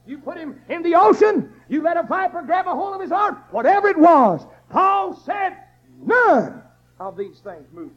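A man's voice: very high voice, big pitch swings, normal speed. A man preaching an emphatic sermon in a repetitive, rousing cadence. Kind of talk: fiery Baptist sermon. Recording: dull lo-fi church recording.

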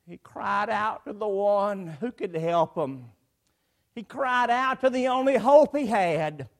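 A man's voice: high voice, expressive, takes it slowly. A man preaching a sermon to a congregation, emphatic, with repeated phrases and swelling cries. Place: church before a congregation.

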